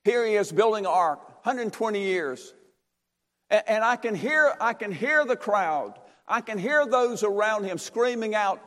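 A preacher with a high voice delivers a fervent sermon, repeating key phrases with emphatic cadence. His voice rings through the long reverb of a church sanctuary. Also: expressive, a little slow, a bit bright. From North Carolina, USA.

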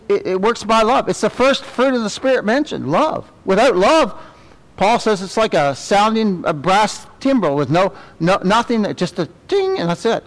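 A middle-aged man leads a Sunday school class in a church. His voice sits a little high, and he talks in an animated way, tossing tag questions at the class. On reverent words he drops to a soft, low murmur. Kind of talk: conversational Bible teaching.

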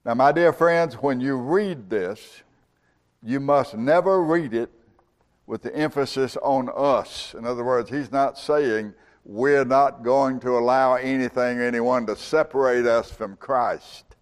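Male preacher, measured unhurried sermon delivery with emphatic swells; mid-range voice. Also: medium pitch. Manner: slow, emphatic preaching that rises and swells on key words. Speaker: pastor.

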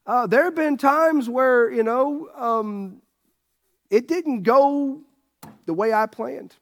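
A man's voice: extremely high pitch, lively intonation, slow pace. A middle-aged man preaching a sermon as pastor, folksy and joking with his congregation. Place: church sanctuary.

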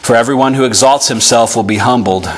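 Male pastor, earnest and animated sermon delivery in a church, mid-pitched voice. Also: a little fast. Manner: earnest preaching, animated, reads scripture aloud. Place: church sanctuary.

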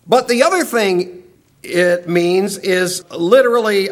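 A middle-aged man with a notably high-pitched voice, preaching an expository sermon. He explains the text verse by verse and briefly acts out the quoted lines. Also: expressive, measured pace. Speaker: pastor.

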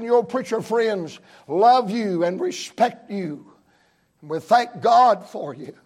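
A man preaching a fervent sermon at a church service, with emphatic, repetitive cadences and bursts of shouting. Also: high voice.

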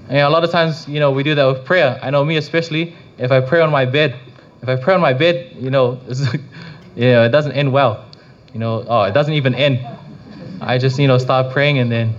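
A man gives a casual devotional talk, his delivery loose and rambling, tripping over restarts and leaning on filler phrases. His voice sits at an ordinary middle pitch. The recording sounds a little dull and lo-fi. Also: steady tone, fairly quick. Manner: rambling, full of restarts and "you know".

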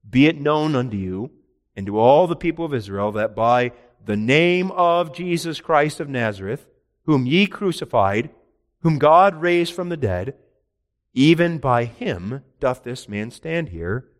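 Guy preaching a bible sermon, reads the verses then explains, gets loud and emphatic then drops quiet, mid pitched voice. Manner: reads scripture in old-style wording, then explains. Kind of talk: expository sermon.

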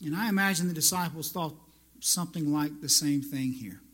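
Bright-voiced, high-pitched male pastor preaching. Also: moderate pace. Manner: conversational preaching, rising to emphatic repetition. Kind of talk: sermon.

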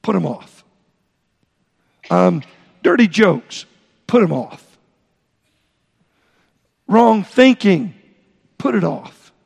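A middle-aged man preaching a sermon in a church, halting and repeating words as he explains Greek terms. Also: sits high, lively intonation, a little mellow. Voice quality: gravelly. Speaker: pastor. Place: church sanctuary. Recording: long reverb in a large hall.

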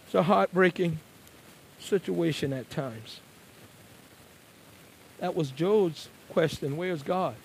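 A man preaching a sermon, moving between quiet, conversational asides and loud, emphatic declarations. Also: fairly high pitch, slow pace, creaky, pauses often, slightly rough, poor audio.

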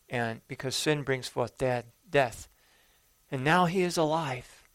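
Earnest male preacher, smooth voice. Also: mid-range voice, a little slow, no room sound. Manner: earnest storytelling, with rising emphasis and soft drops. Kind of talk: sermon.

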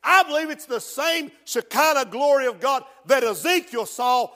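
A man preaching a sermon as pastor, rising to shouted peaks and slowing down on quoted scripture. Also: very high-pitched, animated, big-room sound.

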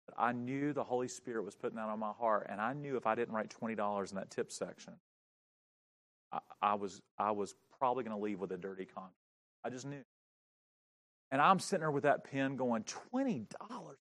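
A pastor telling a funny, self-mocking story during a sermon. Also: male voice, lowish voice, a little fast, a bit bright.

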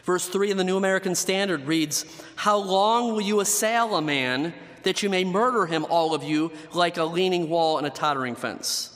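A man preaching a sermon earnestly, slowing down and dropping low for emphasis. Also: a bit bright, big-room sound. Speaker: pastor.

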